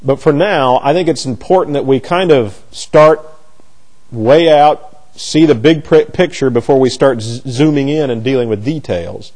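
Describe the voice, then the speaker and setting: Halting, mellow-voiced male Bible teacher. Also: medium pitch. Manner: halting, repeats words while searching for phrasing.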